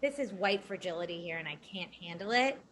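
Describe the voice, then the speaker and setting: A woman's voice: fairly low pitch, lively intonation, a little fast, fairly bright tone, a little hiss or hum. A woman co-hosting a casual podcast chat, talking in an emphatic, indignant way. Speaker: podcast co-host.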